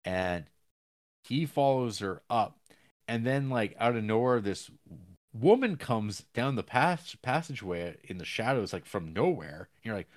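Here the same kind of offhand movie summary comes across animated yet at a measured pace. The man rambles, uses fillers and restarts, and raises his pitch sharply to act out what characters say.

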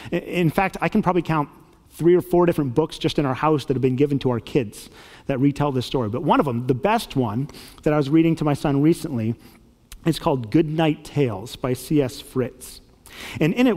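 A man preaching as a pastor, earnest and warm, moving from reading scripture into storytelling. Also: a little high, long reverb tail. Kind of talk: sermon.

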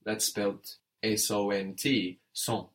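A man's voice: fairly low pitch, fairly even intonation, slow, fairly bright tone. A man teaching French in an audio lesson, patient and methodical, prompting the learner and spelling words letter by letter.

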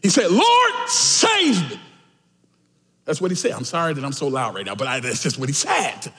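A man preaching a sermon as pastor, swinging emphatically between shouted lines and quiet asides. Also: mid-range voice, very animated, quick pace. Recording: echoey church hall.

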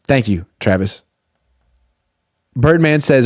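A man hosting casual sports commentary, talking in a sarcastic, deadpan way. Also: on the low side, fairly quick, no echo, clean studio sound.

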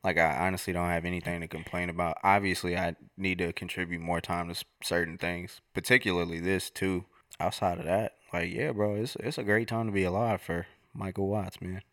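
Deep-voiced laid-back young man. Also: flat delivery, fairly quick, a bit bright, no room sound, studio quality. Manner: laid-back slangy storytelling. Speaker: podcast co-host. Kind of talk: casual chat.

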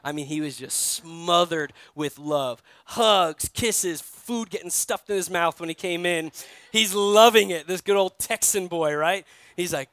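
A man's voice: high voice, moderate pace, a bit bright, no room sound. A man from New York, a pastor giving a sermon in a conversational storytelling way, often asking his listeners directly.

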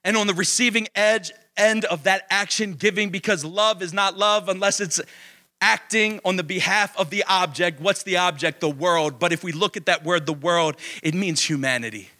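A man's voice: sits high, moderate pace, sharp tone. A man preaching a sermon, emphatic, asking questions and answering them himself, stretching key words.

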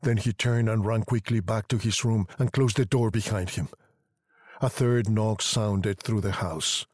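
Man reading a story slowly and deliberately, low voice, dry and close. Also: fairly even intonation, breathy edge, dry recording. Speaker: narrator. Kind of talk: scripted story narration.

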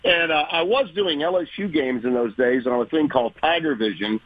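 A veteran male sportscaster from Louisiana tells career stories in a folksy, animated way. His voice is husky and a bit dull, with a dry, slightly lo-fi sound. The pitch sits in the middle. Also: a little fast, no room sound. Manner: folksy, animated storyteller, acts out quoted voices. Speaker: sports broadcaster guest. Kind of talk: conversational interview storytelling.

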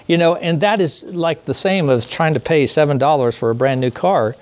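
Brief: middle-aged man, pastor, conversational sermon, rhetorical questions, muffled low-fi church tape. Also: normal speed, few pauses, darkish tone.

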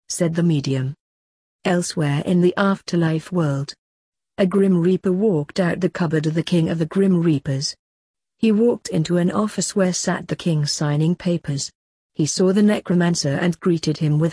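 Husky low-voiced woman reading a story. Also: normal speed, warm tone, no echo, clean studio sound. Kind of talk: reading a short story aloud.

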